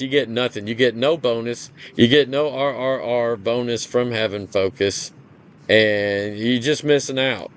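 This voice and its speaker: A man hosting a gaming channel, reading out game details in casual commentary, blunt and profane, often stumbling over numbers and restarting. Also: medium pitch. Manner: blunt, profane, complains openly.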